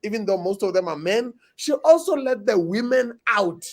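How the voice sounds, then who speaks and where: A man's voice: sits high, lively intonation, moderate pace. A man who co-founded a farming app, speaking on a panel call, wordy, with fillers and playful asides.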